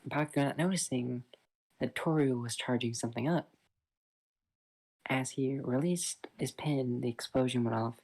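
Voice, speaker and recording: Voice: mid-range voice, normal speed, long pauses, a little mellow. Rambling casual storyteller. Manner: loose, rambling, with fillers like "like". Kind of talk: casual improvised fan-fiction retelling.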